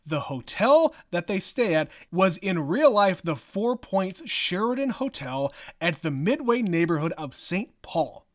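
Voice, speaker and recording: A man's voice: high-pitched, very animated, measured pace, hardly any pauses. A man co-hosting a casual podcast, reading listener email aloud and laughing often. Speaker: podcast co-host.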